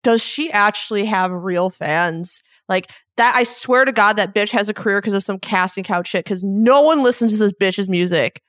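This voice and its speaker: A woman's voice: medium pitch, moderate pace, hardly any pauses, a bit bright, no echo, studio quality. A young woman co-hosting a podcast, blunt, sarcastic and foul-mouthed in casual banter. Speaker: podcast co-host.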